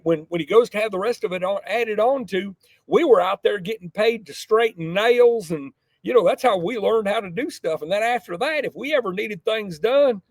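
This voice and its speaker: A middle-aged man, a podcast guest telling a folksy, animated story from his childhood. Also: high voice, no room sound. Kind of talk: casual storytelling.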